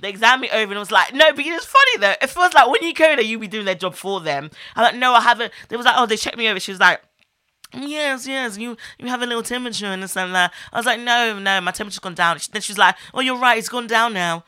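A young woman, co-hosting a casual chat show and telling a story with lively, slangy, swearing energy and acted-out voices. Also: a little high, fast, clear, resonant tone, no room sound, clean studio sound. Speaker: podcast co-host.

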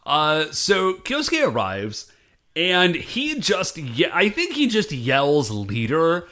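A man's voice: a little high, slow pace. A man co-hosting a casual chat recap of a TV episode, acting out the characters' lines as he tells it. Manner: animated, acts out characters' lines. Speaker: podcast co-host.

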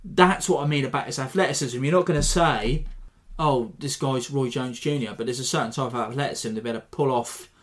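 A man hosting a podcast, giving a rambling, animated breakdown of a fight in a self-deprecating way. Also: mid-range voice, fast talker, hardly any pauses. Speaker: podcast host. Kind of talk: casual fight analysis.

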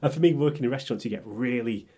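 A man's voice: medium pitch, very fast. A young man, co-hosting a podcast and telling workplace stories with lots of swearing and acted-out quotes. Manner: animated, swears freely, acts out quotes. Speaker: podcast co-host. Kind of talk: casual storytelling chat.

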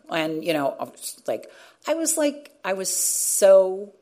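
Here a middle-aged radio journalist, once a show host, recounts a story with earnest care, frequently starting over. Her medium-pitched voice is mellow and sing-song, and she takes her time.

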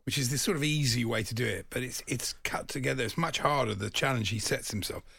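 A man's voice: mid-range voice, fast, gravelly, a bit bright, slightly rough, dry recording, clean studio sound. A middle-aged man co-hosting a radio show, amused and easygoing, reading out listener messages between casual chat. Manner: amused, reads out listener messages, laughs easily. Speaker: radio co-host. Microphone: studio microphone.

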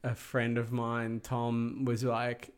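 A man's voice: mid-range voice, completely flat delivery, takes it slowly, clean tone. A man chatting casually as a podcast co-host, rambling with many fillers and hedges. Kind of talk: casual chat.

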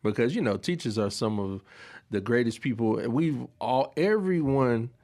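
A man's voice: mid-range voice, lively intonation, moderate pace, darkish tone. A man from Mississippi, a guest on a chat show, laid-back and self-deprecating. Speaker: guest, radio director. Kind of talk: casual studio chat.

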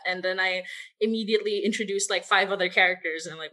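A woman's voice: lowish voice, steady tone, fairly quick, bright, forceful tone. Chatty woman podcast creator. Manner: rambling, self-deprecating, many fillers. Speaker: podcast creator, writer and voice actor. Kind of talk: casual cast Q&A on a video call. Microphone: video call mic.

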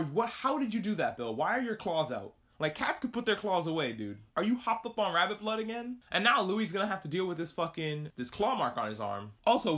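A man hosting a podcast, giving a casual anime episode recap, animated and swearing freely as he acts out characters' lines. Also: on the high side, dull audio. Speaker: podcast host.

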